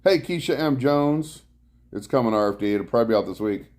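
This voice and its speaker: A man's medium-pitched, slightly mellow voice comes across animated and brisk as he streams live from his home couch. He says hello to each viewer individually and wanders through topics in loose, rambling conversation, picked up by his bike-riding clip-on mic.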